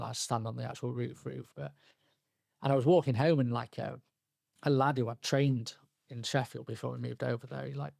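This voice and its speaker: A young man tells his own story on a podcast, pausing, restarting and acting out what people said to him. His voice is gravelly at an average pitch. The sound is dry and close. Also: darkish tone, dry recording. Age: young adult. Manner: halting, frequent restarts and fillers, quoting himself and others. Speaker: podcast guest. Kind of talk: candid personal storytelling.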